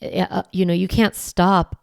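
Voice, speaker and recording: A woman's voice: lowish voice, little pitch movement, slow pace, gravelly, a little mellow, no room sound, studio quality. A woman podcast host coaching parents in a direct, practical way, sometimes acting out the firm lines a parent might say. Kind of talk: podcast advice talk.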